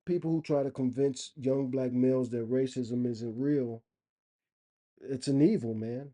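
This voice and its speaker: Speaking at a measured pace with medium pitch, fairly even intonation and a mellow tone, this middle-aged vlogger delivers a casual storytelling monologue to camera, emphatic and earnest, stretching his phrases out.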